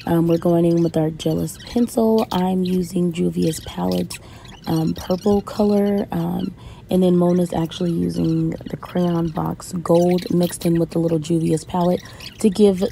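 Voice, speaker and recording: A woman's voice: fairly low pitch, vocal fry, mellow, a little hiss or hum. A young adult woman giving a chatty, self-mocking voice-over. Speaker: co-host. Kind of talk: casual voice-over.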